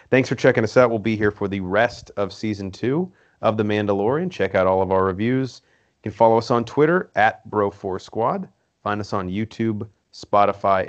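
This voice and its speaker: A man hosting a casual podcast chat, upbeat and quick to jump in. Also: fairly low pitch. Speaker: podcast host. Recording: dull lo-fi sound.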